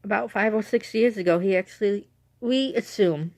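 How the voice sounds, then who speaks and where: A woman's voice: mid-range voice, moderate pace, a little mellow. A young woman talking casually in a rambling, self-correcting way on her vlog, emotional as she remembers her late dog. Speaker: vlogger.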